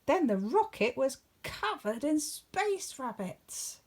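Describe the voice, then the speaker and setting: A woman teacher reading a picture book aloud to children, expressive and playful with whispered asides. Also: high-pitched, slow. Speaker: primary school teacher.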